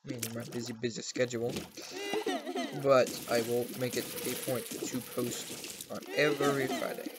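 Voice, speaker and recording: A young man hosting a gaming channel casually comments on the video game he's playing, chatty and goofy, and talks to his pets at home. His medium-pitched voice is unhurried with little pitch movement, and the home recording is noisy.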